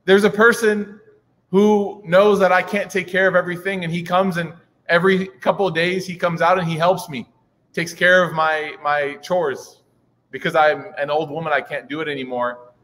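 A man's voice: high voice, flat delivery, normal speed, fairly bright tone. A man voicing a blind elderly woman who answers plainly and simply, recorded in a reverberant hall.

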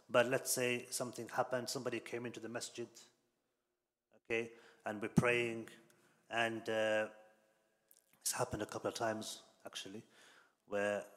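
A man giving a religious lesson in an explanatory way, often pausing with fillers and restarting phrases. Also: medium pitch, fairly bright tone. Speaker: Islamic teacher. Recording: long reverb in a hall.

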